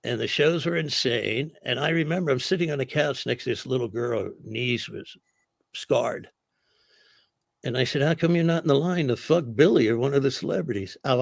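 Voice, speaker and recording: An older man, a comedian guest, telling animated anecdotes in a casual interview and acting out the quotes. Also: medium pitch, creaky, no room sound, clean studio sound.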